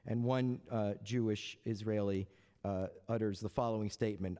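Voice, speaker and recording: Here the moderator speaks in a fairly low, mellow voice with fairly even intonation and a normal speed. Facing an audience in a large, reverberant lecture hall, he opens the panel with dry jokes, many hesitant "uh"s, and wry asides between filler-laden lines.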